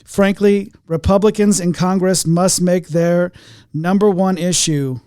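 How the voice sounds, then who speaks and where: A man's voice: high voice, steady tone, a little slow, warm tone, smooth, dry recording, clean studio sound, pitched above the performer's own voice. A man doing an impression of a boastful older politician, emphatic and drawn out, tagging on "okay?". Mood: blustering.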